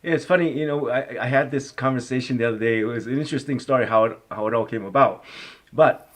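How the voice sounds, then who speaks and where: A man in his fifties, an actor being interviewed, spins loose anecdotes in a voice of ordinary middle pitch. He rambles, peppering his talk with "you know" and "like", and his delivery picks up energy when a story gets exciting. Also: fast. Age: 50s.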